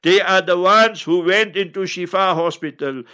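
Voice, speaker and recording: Man, high voice, combative, preaching, muffled recording. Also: normal speed, bright, forceful tone. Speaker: guest scholar answering questions. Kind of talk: Q&A on a talk show.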